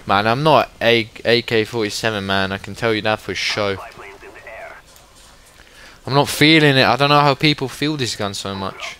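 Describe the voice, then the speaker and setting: A young man giving excitable live commentary over a shooter game, sometimes swearing at it. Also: on the low side, normal speed. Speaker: gaming commentator.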